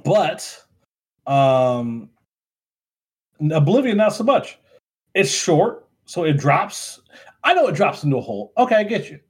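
A man co-hosting a casual podcast chat over drinks, animated, laughing often and trailing off with ums. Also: a little high, unhurried, long pauses. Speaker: podcast co-host.

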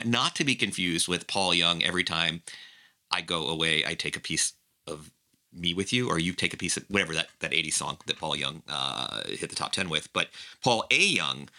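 A man with a low voice co-hosts a podcast in loose, animated chat. His tone is strikingly bright and sharp. He strings his thoughts together with frequent "like"s. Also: moderate pace. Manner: animated, peppered with "like". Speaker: podcast co-host. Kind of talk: casual recap chat.

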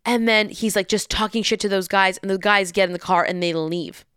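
A young woman telling a story in a lively, casual way, acting out the people in it and swearing freely. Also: mid-range voice, a little fast, clear, resonant tone, no echo, studio quality. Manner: animated, acts out voices, swears freely.

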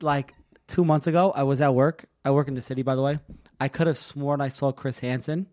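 A man chatting excitably as a podcast guest, often talking over the others. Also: mid-range voice, brisk. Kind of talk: casual chat.

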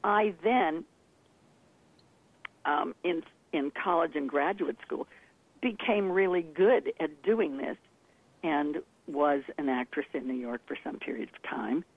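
A woman accent coach telling stories in an animated way as an interview guest, laughing often. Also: deep voice, takes it slowly, no room sound. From Texas, part of childhood. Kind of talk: interview over the phone. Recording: tinny phone line.

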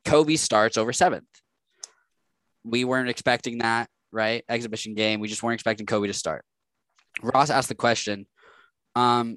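Young man telling an animated story. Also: mid-range voice, brisk, dry recording. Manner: animated storyteller, laughs often. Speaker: sports reporter. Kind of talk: casual sports chat.

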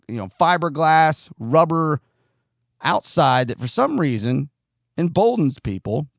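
A man ranting bluntly and profanely, his pitch climbing and dropping all the time. He sometimes acts out shouting drivers. The sound is dry and close, with no room around it. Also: dry recording. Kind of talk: opinionated monologue.

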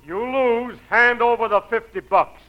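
An actor playing a bragging cowboy gunslinger who talks gruffly, on a muffled old recording. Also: male voice, extremely high pitch, unhurried. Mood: boastful. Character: boastful tough cowboy gunslinger, male adult.

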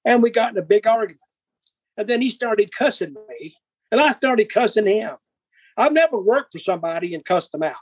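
An older man appears as a guest, telling blunt, profane stories casually and acting out old quarrels in dialogue. His voice is high-pitched, husky, brisk and expressive, recorded dry with no echo but in poor audio quality.

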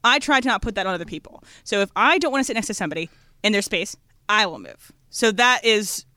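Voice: medium pitch, animated, fast talker, bright, forceful tone, dry recording, clean studio sound. A radio host chatting casually and explaining things emphatically. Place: radio studio. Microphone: studio mic.

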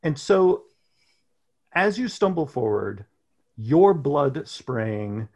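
A man running a tabletop role-playing session, narrating scenes slowly and deliberately. His voice has a husky, slightly breathy edge, and he lets every detail land. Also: medium pitch, very animated, a little mellow. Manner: slow, deliberate scene-setting. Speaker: game master.

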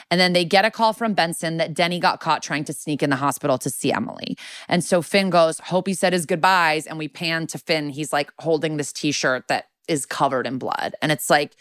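A young woman with a lowish voice talks through an episode in loose, casual chat. She swears freely and fills her sentences with "like." The sound is close and dry, with no room around it. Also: normal speed, fairly bright tone, no room sound. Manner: casual, sweary, many "like" fillers. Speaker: podcast co-host.

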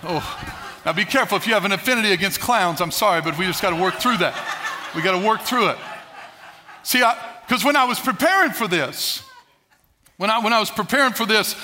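A male pastor preaching a sermon, emphatic, swinging between loud declarations and hushed asides, sometimes acting out quoted voices. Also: high-pitched.

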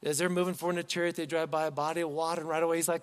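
A man's voice: fairly high pitch, little pitch movement, very fast, hardly any pauses. Man preaching, conversational, in an echoing hall. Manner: conversational, asks the congregation rhetorical questions. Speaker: pastor. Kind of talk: sermon. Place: church sanctuary.

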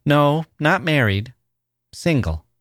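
Story reading: man playing a polite little girl, raised pitch, eager and chattering. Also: very animated, slow pace, a bit bright, dry recording, studio quality, heavily acted. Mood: earnest.

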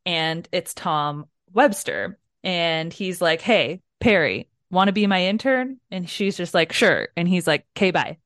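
A woman co-hosting a casual book club podcast, recapping chapters in an animated way and swearing freely. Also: lowish voice, measured pace, hardly any pauses, no room sound, clean studio sound. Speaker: podcast co-host.

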